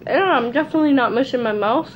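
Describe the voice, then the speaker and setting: A woman's voice: high voice, fast talker, lo-fi sound. A young woman vlogger chatting casually through a challenge video, giggling often. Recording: noisy home recording.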